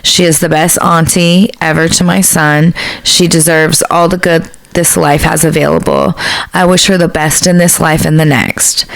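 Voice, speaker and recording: A woman's voice: low-pitched, vocal fry, no room sound, poor audio. A woman co-hosting a podcast in casual chat, blunt and swearing freely. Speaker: podcast co-host.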